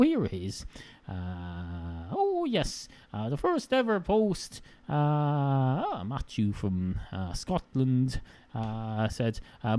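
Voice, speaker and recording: A man's voice: on the high side, mellow, no echo. A man with an Irish accent hosting a solo podcast, rambling sardonically with many fillers. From Ireland. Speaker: podcast host.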